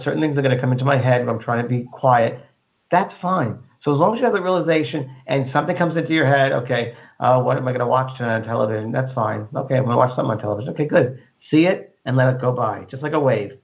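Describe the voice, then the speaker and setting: Man, mid-pitched radio host, rambling spiritual advice, dull lo-fi broadcast sound. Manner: rambling, repeats words, acts out inner voices.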